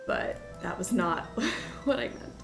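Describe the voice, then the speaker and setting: A chatty woman streamer reacting aloud to a detective game, giggling often and speaking at an unhurried, slow pace. Her voice rings in a noticeably echoey room, with game music clearly behind her. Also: medium pitch, lively intonation. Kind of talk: casual gameplay commentary.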